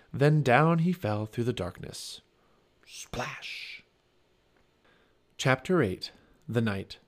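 A man reading a children's chapter book aloud for a family podcast, telling it expressively. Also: mid-range voice. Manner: expressive storytelling.

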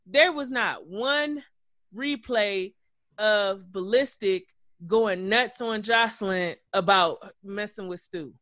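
A man co-hosting a podcast, recapping reality TV in an animated, gossipy way with plenty of cursing. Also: high-pitched, takes it slowly, no echo, studio quality. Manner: animated, gossipy, profane storytelling. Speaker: podcast co-host. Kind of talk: casual reality-TV recap chat.

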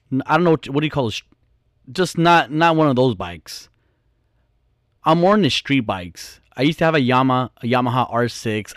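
A man's voice: mid-range voice, dry recording, clean studio sound. A young man telling a profane, boastful story in casual podcast talk.

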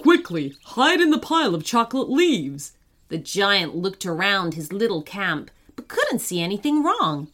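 A woman narrating a children's story in an expressive, unhurried way. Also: medium pitch.

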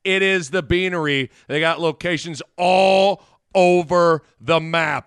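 Excitable male co-host, high bright voice, dry close sound, animated casual chat. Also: slow, smooth, no room sound. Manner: excitable, bursts into shouts and laughter. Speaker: podcast co-host.

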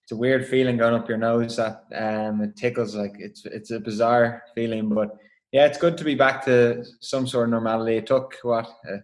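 A young man being interviewed on a call, relaxed and chatty. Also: medium pitch, normal speed. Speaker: guest athlete.

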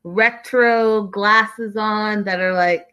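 A woman's voice: medium pitch, fairly even intonation, very slow, bright, forceful tone, clear, resonant tone, highs cut off. A woman hosting a casual recap, chatty and opinionated, with lots of "like"s. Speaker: reality show recap host.

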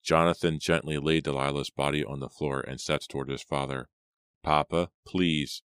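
Super deep guy reading a spooky audiobook, smooth voice, dry close sound. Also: flat delivery, no room sound. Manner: acts out characters' lines louder and slower. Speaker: audiobook narrator.

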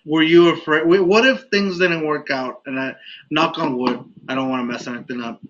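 Bright-voiced man telling a funny story. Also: fairly high pitch, normal speed. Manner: laughing, rambling with many "like"s. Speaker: podcast host. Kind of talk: casual storytelling chat. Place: lives in Texas. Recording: dull lo-fi sound with faint ambient noise.

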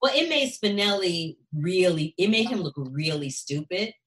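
Lady cohost chatting, kinda low voice, animated, acts out bits. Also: normal speed. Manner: animated, acts out characters' lines. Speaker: show co-host. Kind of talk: casual recap chat.

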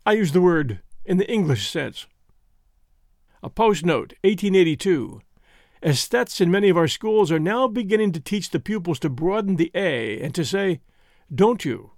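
A man reads a classic essay aloud in a measured, dry manner. His voice sits high and moves with lively, animated pitch. The recording is close and dry, with no room sound. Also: dry recording. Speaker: narrator reading a classic essay. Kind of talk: scripted narration.

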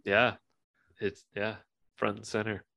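A man with a very deep voice chats about a movie on a podcast, relaxed and agreeable, filling his talk with yeahs and ums. The recording is dry, with little room sound. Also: a little slow, creaky, no echo. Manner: laid-back, agreeable, lots of yeahs and fillers. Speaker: podcast co-host. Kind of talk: casual movie chat.

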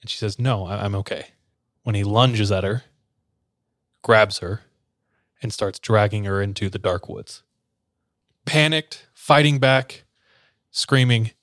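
A man's voice: lowish voice, a little slow, long pauses, a bit bright, no echo, studio quality. A man hosting a podcast, casually retelling a story and slipping briefly into the characters' voices. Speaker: podcast host telling a story.

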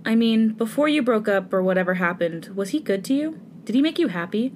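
A woman voicing a jealous, brooding young male CEO in a fanfic reading, speaking hoarsely. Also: a little high, lively intonation, a little fast, darkish tone, slight background noise, natural voice. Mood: pleading.

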